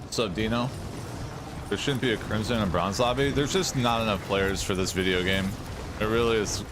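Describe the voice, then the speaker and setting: A man's voice: lowish voice, normal speed, noisy background. A young man giving casual gameplay commentary as a streamer, blunt, opinionated and rambling. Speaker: gaming streamer. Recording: game sounds clearly behind.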